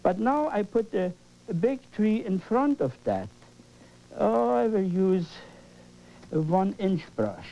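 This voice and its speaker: In this dull, lo-fi broadcast, a man paints live while teaching, fervently urging viewers on and repeating himself often. His high, mellow voice moves slowly and creakily, swinging widely in pitch and broken by long pauses.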